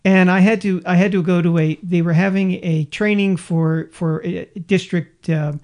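A man co-hosting a podcast, telling work stories in a chatty, animated way. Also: high voice, moderate pace. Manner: chatty storyteller, acts out quotes with laughs. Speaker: podcast co-host. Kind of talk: casual chat.

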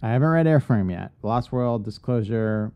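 A man co-hosting a podcast in casual chat, getting animated and swearing freely as he rants. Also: medium pitch, moderate pace, clear, resonant tone, no room sound, muffled recording. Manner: animated, profane ranting. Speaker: podcast co-host.

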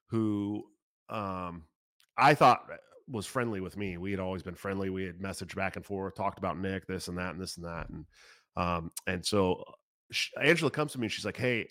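A man in his thirties telling a long story in a casual, profane, animated way, talking fast and often swearing. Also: low voice, no echo, studio quality. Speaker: political candidate.

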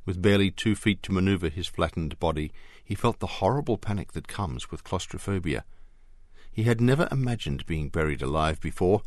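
Deep-voiced male audiobook narrator. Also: expressive, a little fast, darkish tone, no room sound, clean studio sound. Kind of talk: scripted narration.

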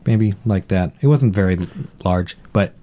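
A man's voice: low-pitched, moderate pace, warm tone. A man in casual movie commentary chat, chatty and given to reminiscing.

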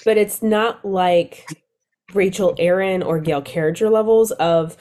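A woman's voice: medium pitch, steady tone, measured pace, dark tone. A woman co-hosting a casual book chat, laughing often and gushing playfully about favorites. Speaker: podcast co-host.

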